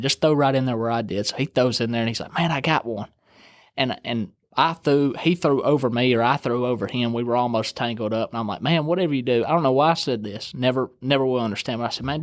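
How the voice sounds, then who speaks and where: A man's voice: medium pitch, no echo, studio quality. A young man, telling a fishing story in casual chat and acting out what his friends said. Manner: animated storyteller, acts out quoted friends.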